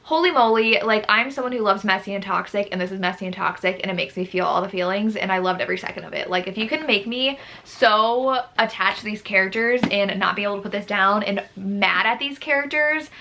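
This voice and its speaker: A young woman talking casually in a book vlog, animated and exasperated as she gushes and rants about a read. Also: medium pitch, a little fast, hardly any pauses. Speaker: book vlogger.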